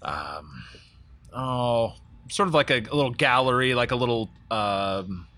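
Bright, lively male podcast guest. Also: medium pitch, a little slow. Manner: rambling, many fillers, self-deprecating. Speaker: guest musician. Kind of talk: casual chat.

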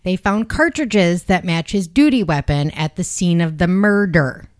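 Woman, low pitch, casual crime storyteller, animated delivery, podcast host. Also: measured pace. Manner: casual, animated, swears freely, acts out quotes.

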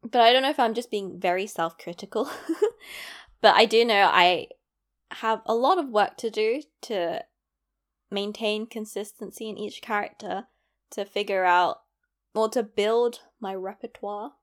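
A woman's voice: medium pitch, unhurried. A young woman and aspiring voice actor, talking casually to camera in a chatty, self-deprecating way, laughing often.

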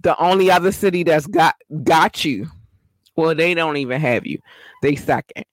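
A host, doing casual shout-outs and speaking affectionately to the listeners. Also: medium pitch, normal speed, dry recording. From Baltimore, Maryland. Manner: affectionate, repeats thanks to listeners.

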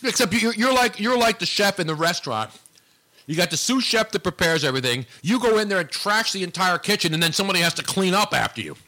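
Bright-voiced wisecracking talk show host. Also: male voice, sits high, expressive, fast. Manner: wisecracking, rambling, teasing. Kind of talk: casual on-air banter.

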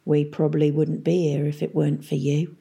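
A woman voicing a gruff, blunt male pirate who growls his words. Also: low voice, little pitch movement, a little fast, mellow, exaggerated voice.

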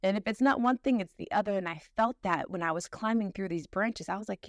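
A woman's voice: medium pitch, moderate pace, hardly any pauses, no echo. Encouraging sisterly woman podcaster, dry sound. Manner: sisterly, encouraging, slangy and emphatic. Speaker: podcast host. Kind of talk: motivational podcast monologue.

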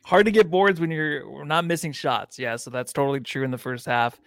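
A man's voice: on the high side, a little fast, a bit bright, no room sound, studio quality. A man hosting a casual sports podcast, joking around and swearing freely. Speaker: podcast host.

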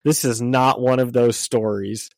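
A man's voice: medium pitch, steady tone, measured pace, creaky, dry recording. A congested man co-hosting a casual comic book podcast, chatty and self-deprecating, often laughing. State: congested from illness. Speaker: podcast co-host.

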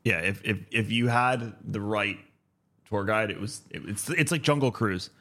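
A man's voice: fairly low pitch, moderate pace, bright, forceful tone. A man in his thirties co-hosting a casual podcast, talking in an easygoing, rambling way with many ums. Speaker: podcast co-host.

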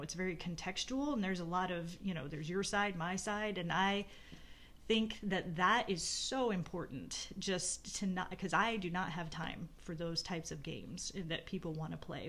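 Her fairly low, fairly bright voice keeps a measured pace as this middle-aged podcast co-host talks casually and at length about her marriage. She uses lots of fillers and often restarts her sentences.

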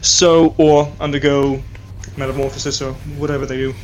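A man's voice: medium pitch, level tone, moderate pace, slight background noise. A man with a Southern US accent playing a paladin in a tabletop game, talking earnestly and repeating himself. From Southern United States. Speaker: player. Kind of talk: in-character tabletop play.

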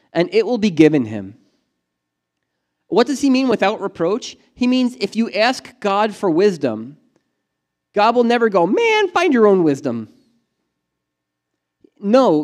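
Guy pastor preaching, pretty high voice that jumps all over, slangy and joking. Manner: lively, animated preaching with acted-out voices of doubters; casual slang and humor. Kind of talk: sermon.

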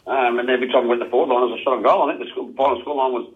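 Here is a laid-back Australian man in his fifties, chatting on the radio about his playing days. He talks at a brisk clip and drops "mate" into nearly every sentence. His voice comes through a tinny, narrow phone line. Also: mid-range voice, steady tone. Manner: laid-back, says "mate" constantly, chuckles often. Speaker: guest, former footballer. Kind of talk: casual radio interview.

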